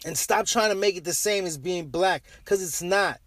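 Brief: man, commentator, profane monologue rant, high voice, dry close sound, heated and blunt, repeats himself. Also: normal speed, a bit bright, no echo.

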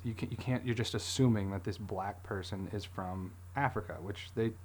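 A man co-hosting a casual podcast, talking in a rambling, halting way with many restarts and fillers. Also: on the low side, a little hiss or hum. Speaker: podcast co-host.

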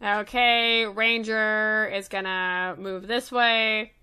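A woman running the enemies as game master in a tabletop game, upbeat and quick to giggle. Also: medium pitch, little pitch movement, bright, forceful tone, clear, resonant tone.

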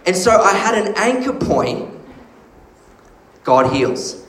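Male pastor, slightly high voice, animated sermon storyteller, roomy echo. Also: takes it slowly.

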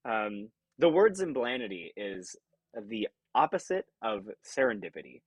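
A man from California, an actor talking as a podcast guest in an earnest, reflective way, acting out remembered thoughts with sudden jumps in pitch. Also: sing-song, a little slow, husky, no room sound, rough recording. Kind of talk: conversational interview.

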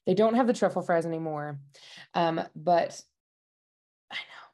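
Bubbly woman with a low voice. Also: measured pace, warm tone. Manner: bubbly, laughs often, enthusiastic about food. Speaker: dialect coach at a themed park. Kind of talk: casual interview chat. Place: Utah.

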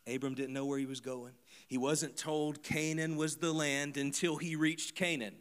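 A man preaching a sermon to a congregation. He moves from quiet, close asides to loud, emphatic repeated lines. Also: on the high side, flat delivery, moderate pace, clean tone. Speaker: pastor. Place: church service before a congregation.

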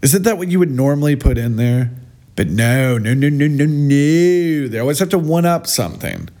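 A man's voice: mid-range voice, expressive, dark tone. A man giving sarcastic, mocking reaction commentary in a scornful tone. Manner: mocking, scornful, drawn-out delivery. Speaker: vlogger.

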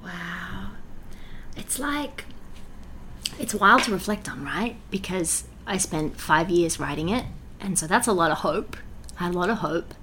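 Animated young woman. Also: on the low side, unhurried, noisy background. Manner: animated and heartfelt, many "like" fillers. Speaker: musical theatre writer and performer. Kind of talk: casual interview chat.

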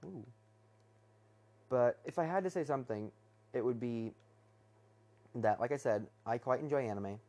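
A young man talks alone from his bed, feeling his way through a rambling monologue. He restarts his sentences, fills pauses with ums, and sounds self-conscious. His pitch sits in a middle range. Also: mellow. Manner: hesitant, many fillers and restarts, self-conscious. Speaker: podcast host. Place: bedroom.

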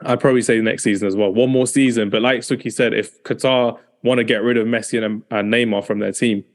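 A man's voice: medium pitch, steady tone. A man hosting a casual football chat, rambling and often repeating himself. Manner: fast, rambling, repeats "as well". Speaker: podcast host.

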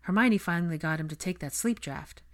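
A woman voicing a protective, sharp-tongued young woman in a storybook reading, in her own low voice. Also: lively intonation, brisk. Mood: firm. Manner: snappy, reassuring.

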